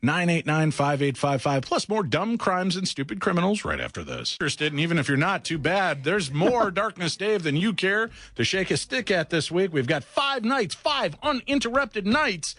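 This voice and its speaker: A man's voice: high voice, big pitch swings, moderate pace, few pauses, fairly bright tone, dry recording. A man hosting a late-night radio talk show, chatty and jokey as he takes callers and runs promos. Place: radio studio.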